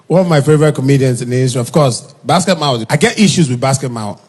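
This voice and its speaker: A man telling comic stories in Nigerian Pidgin English, jumping into high, shouted voices for the people he quotes. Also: fast talker, husky. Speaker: stand-up comedian. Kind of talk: comic storytelling monologue.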